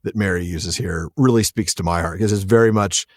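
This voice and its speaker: A man's voice: low-pitched, a little fast, no room sound, studio quality. A man co-hosting a podcast, chatting casually and enthusiastically about a book and laughing often. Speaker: podcast co-host.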